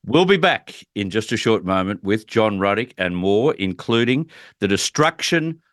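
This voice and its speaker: A man with a fairly low voice hosts talk radio. His delivery is brisk and opinionated. The sound is close and dry, with no room in it. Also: big pitch swings, a bit bright, dry recording. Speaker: radio talk show host.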